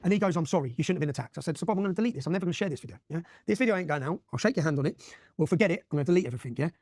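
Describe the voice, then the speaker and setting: Man, very fast talker, emphatic storytelling, voice a touch high, dry close sound. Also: animated, a little mellow, no echo. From Luton, England. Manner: rapid, emphatic, keeps checking with "yeah?". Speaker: interview guest. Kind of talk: animated personal storytelling.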